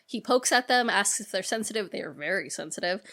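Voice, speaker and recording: A woman co-hosting a podcast, retelling a film scene by scene with lively acted-out quotes. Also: mid-range voice, fairly quick. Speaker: podcast co-host. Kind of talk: casual film recap chat.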